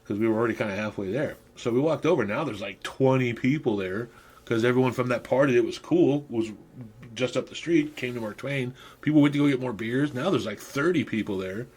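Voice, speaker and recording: Middle-aged male podcast host with a husky voice, loose and rambling, chuckles through his own tales. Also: mid-range voice, a little fast, a little mellow. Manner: rambling, crude, laughing at own stories. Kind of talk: casual storytelling monologue.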